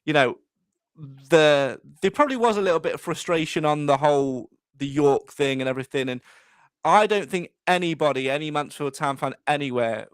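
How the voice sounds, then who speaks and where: A man's voice: fairly high pitch, normal speed, smooth, no echo. A man hosting a live podcast, talking in a chatty, rambling way with many restarts. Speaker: podcast host.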